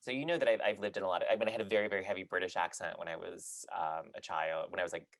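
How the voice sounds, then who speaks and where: Deep-voiced man, casual and then reading. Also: fairly even intonation, gravelly, no echo. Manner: chatty, many fillers and restarts in talk, measured when reading. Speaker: podcast panelist reading a poem aloud. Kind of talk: casual chat and poetry reading.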